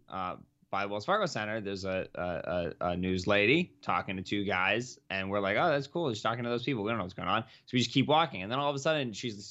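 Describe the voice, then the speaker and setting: Young man, podcast co-host, bright tense voice, self-mocking, animated storytelling. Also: on the low side, dull audio. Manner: animated, self-mocking, rising to laughing exclamations. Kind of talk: casual storytelling chat.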